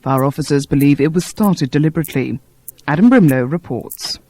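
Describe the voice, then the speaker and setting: A woman reading a radio news bulletin in a measured, formal way. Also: low-pitched, animated, dark tone, no room sound. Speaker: newsreader.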